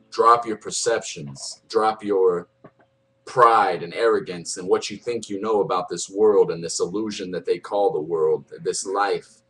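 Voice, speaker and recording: A man's voice: sits low, breathy edge, poor audio. A middle-aged man giving an earnest personal testimony, emotional and pleading, often repeating himself. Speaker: convert sharing his testimony.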